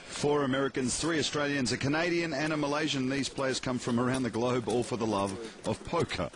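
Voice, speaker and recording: A man calling play-by-play on a poker broadcast, crisply announcing cards and bets. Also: medium pitch, steady tone, brisk, noisy background. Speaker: play-by-play host.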